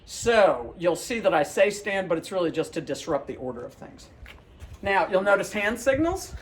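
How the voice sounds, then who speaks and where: A man's voice: high-pitched, big pitch swings, normal speed, slight background noise, low-quality recording. A man working as a dog trainer, patiently explaining a hands-on training demonstration and cheerfully praising the dog between steps.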